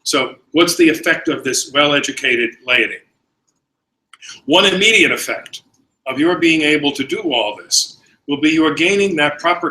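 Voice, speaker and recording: A man, a priest, giving a conference lecture, often clearing his throat and telling anecdotes. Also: on the high side, expressive, normal speed, long pauses, pushed and bright, poor audio.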